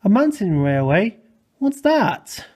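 A man's voice: high voice, very animated, slow, a little mellow, husky, full character voice. A man voicing a stubborn, boastful young storybook engine who argues and disbelieves, in a raised voice. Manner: argumentative, petulant.

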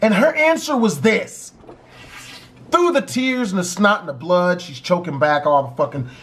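Male vlogger, storytelling; profanity-heavy, emphatic, with a very animated voice. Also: sits high, normal speed. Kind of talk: story time vlog.

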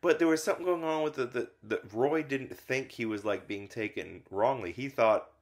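A man's voice: mid-range voice, normal speed. A man co-hosting a film review podcast, talking casually and rambling with many fillers, sometimes acting out lines from scenes. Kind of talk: casual conversational film discussion.

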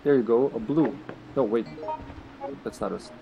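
A man live-streams a video game, chatting casually, laughing a lot, and loudly greeting viewers by name. His medium-pitched voice is creaky and moves at normal speed, with soft music playing in the background.

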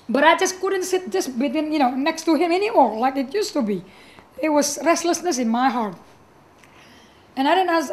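A woman's voice: sits high, darkish tone. A middle-aged woman, a pastor whose first language is Indonesian, telling her personal testimony in English with emotion, repeating herself and filling with "you know" and "like.". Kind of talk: personal testimony, earnest storytelling.

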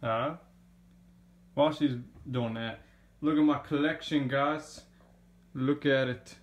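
A young man chatting casually into a handheld camera mic, excitable and prone to repeating himself and laughing. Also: medium pitch, slow. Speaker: gaming vlogger.

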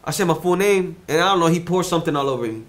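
Young male storyteller, slightly higher pitch, lively and profane, casual delivery. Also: very fast. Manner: animated, swears freely, repeats "you know what I'm saying".

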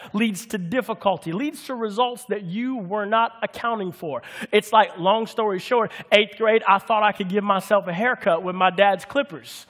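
A man with a high voice preaches a sermon, lively and joking, and throws questions out to the congregation. His voice rings with the long reverb of a large hall. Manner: lively, humorous, calls out to the congregation for answers. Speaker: pastor.

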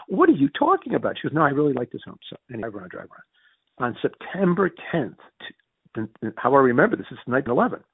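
Read this as a gravelly, husky American man telling stories. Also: medium pitch, dry recording. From United States. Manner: rapid self-correcting anecdotes with quoted dialogue. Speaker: interview guest. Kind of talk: animated storytelling in conversation. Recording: dry sound over a phone-like line.

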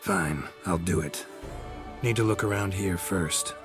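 Gruff Geralt, deep and terse. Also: male voice, a little slow, fairly bright tone. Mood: dry. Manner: terse, dry. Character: gruff terse male monster hunter. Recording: game audio with music underneath.

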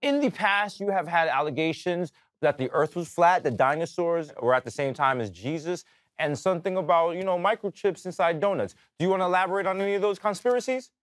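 A teasing male reporter asking provocative questions, played by a man in a comedy sketch. He talks quickly in a fairly high voice and needles the other person with a sly, mocking edge. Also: no echo, studio quality, close to an everyday voice. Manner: teasing, fast-talking questioner. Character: cheeky male reporter at a press conference. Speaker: comedy show host.

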